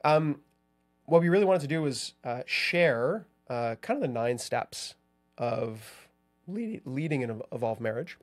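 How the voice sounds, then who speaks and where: A man's voice: mid-range voice, animated, a little slow, faint music behind. A man co-hosting a podcast about marriage, speaking earnestly in casual conversation and often asking "right?". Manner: earnest, ends points with "right?". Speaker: podcast co-host.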